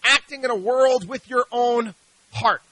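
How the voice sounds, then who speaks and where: Emphatic high-voiced male radio host. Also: measured pace, bright, forceful tone, no echo, low-quality recording. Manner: emphatic, preachy, rhetorical questions. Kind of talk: opinionated radio monologue.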